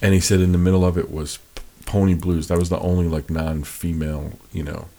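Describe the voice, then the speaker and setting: Deep gravelly man, laid-back. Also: brisk. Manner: relaxed retelling with many fillers. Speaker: record collector. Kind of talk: casual chat.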